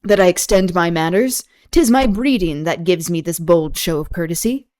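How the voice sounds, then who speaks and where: A woman's voice: fairly low pitch, normal speed, a little mellow, close to an everyday voice. A woman reading aloud as a polite, gallant young male officer, raised and formal. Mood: courtly.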